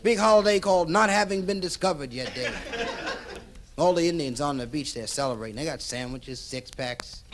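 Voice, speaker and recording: A man's voice: fairly high pitch, normal speed. A man telling a comic story in a playful, laid-back stand-up style on a noisy old live comedy album.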